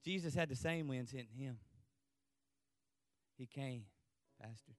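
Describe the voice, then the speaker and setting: A man preaching a fervent revival sermon, repeating refrains and letting out whooping shouts. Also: mid-range voice, a little slow, no echo, faint music behind. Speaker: pastor.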